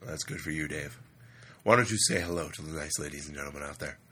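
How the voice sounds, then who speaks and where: A man hosting a podcast in casual chat, his voice hoarse from a weekend of screaming, joking and self-mocking. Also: a bass voice, quick pace, sharp tone. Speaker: podcast host.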